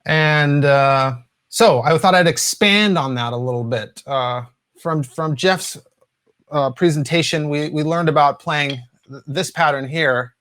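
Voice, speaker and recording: Relaxed higher-voiced male drum teacher. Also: a little slow, slight background noise. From US West Coast. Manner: relaxed, filler-heavy, counts and sings drum patterns. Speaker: drum instructor. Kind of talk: instructional talk.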